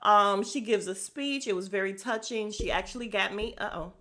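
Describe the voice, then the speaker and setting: Woman podcast host, chatty recap, swears freely, laughs a lot, mid-pitched voice, close podcast mic. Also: normal speed. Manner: animated, profane, laughs often, mimics people. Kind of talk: casual reality TV recap. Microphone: podcast microphone.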